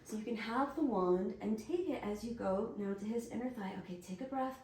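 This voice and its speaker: A woman giving soft, soothing guided instruction and gentle encouragement as a workshop instructor. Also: a little high, fairly quick. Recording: roomy echo, distant mic, faint noise.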